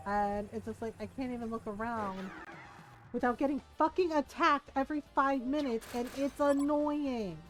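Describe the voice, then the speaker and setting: A woman streamer chatting casually while playing a game, animated and swearing freely. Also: high-pitched, normal speed, faint music behind, poor audio. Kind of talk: casual gameplay commentary.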